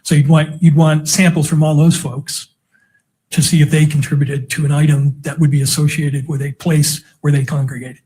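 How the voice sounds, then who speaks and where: A man's voice: a little high, level tone, normal speed, mellow, husky. Methodical man questioning in court. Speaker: defense attorney. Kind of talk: courtroom cross-examination.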